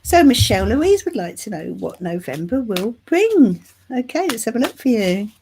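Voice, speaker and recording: A middle-aged Englishwoman getting over the flu reads tarot cards live on her channel, chatting affectionately and calling viewers "love" and "darling." Her voice is fairly high, sing-song and a little mellow, at a moderate pace, with slight background noise.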